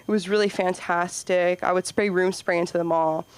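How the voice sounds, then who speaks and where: A woman's voice: on the low side, steady tone, normal speed, clean tone, dry recording. Rambling young woman doing stand-up. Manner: rambling, self-deprecating, full of "like" and "you know". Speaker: stand-up comedian. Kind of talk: stand-up comedy set. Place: comedy club stage.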